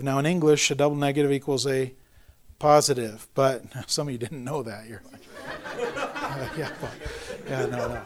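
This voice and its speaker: A middle-aged pastor delivers a sermon in a chatty, joking manner, full of self-deprecating asides and lively storytelling. His voice sits at a medium pitch, and he speaks at a moderate pace with frequent pauses.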